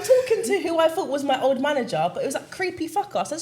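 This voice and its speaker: A woman's voice: a little high, expressive, fast, hardly any pauses, darkish tone. A young woman, telling a story to her podcast co-hosts in casual chat, acting out the voices in it and laughing often. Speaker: podcast guest.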